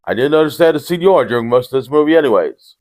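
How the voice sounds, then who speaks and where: Man, casual movie review, deadpan humor, rambling restarts, mid-pitched voice. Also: fast. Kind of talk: casual film recap with jokes.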